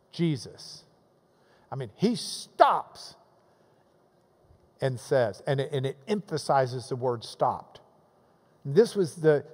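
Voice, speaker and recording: A man preaching a sermon as a pastor, animated, acting out the voices in the passages he quotes. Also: medium pitch, big-room sound.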